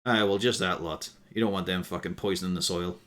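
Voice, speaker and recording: A man voicing a gruff, foul-mouthed male woodland caretaker who talks bluntly and sarcastically. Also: sits low, steady tone, brisk, fairly bright tone. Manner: blunt, sarcastic and swearing freely.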